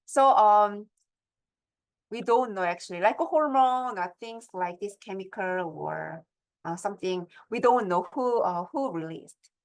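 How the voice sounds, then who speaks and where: A woman's voice: medium pitch, measured pace. Woman lecturing on writing. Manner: explains step by step, asks the audience checking questions.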